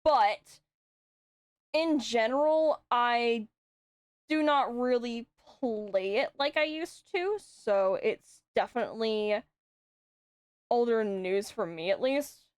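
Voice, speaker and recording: A woman's voice: fairly high pitch, slow, clear, resonant tone, dry recording, studio quality. A young adult woman streaming, chatting casually and telling rambling stories with frequent swearing. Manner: swears often, rambling storytelling. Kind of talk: casual chat.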